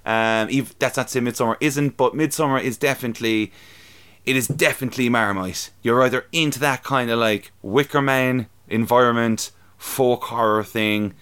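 Young male co-host, relaxed film chat, mid pitch, giggles and swears a lot. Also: moderate pace, clear, resonant tone. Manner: chatty, laughing, swearing freely. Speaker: podcast co-host. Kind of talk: casual chat reviewing films.

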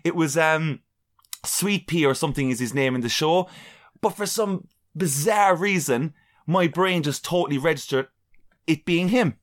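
A young adult Irish man telling an embarrassing story on a podcast, animated and swearing freely. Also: fairly high pitch, normal speed. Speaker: podcast co-host. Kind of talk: casual storytelling chat.

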